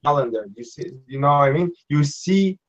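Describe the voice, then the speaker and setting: On a collectors' panel, a man with a fairly high, animated voice talks fairly quickly and rambles, often asking "you know what I mean." The casual panel chat is recorded with dull lo-fi sound.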